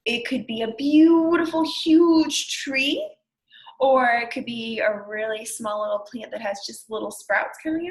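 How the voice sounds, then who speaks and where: A woman's voice: mid-range voice, a bit bright, low-quality recording. Patient woman teacher explaining homework. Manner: patient, slow and encouraging, sounding out words. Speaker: elementary school teacher. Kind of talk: remote lesson walkthrough for young students.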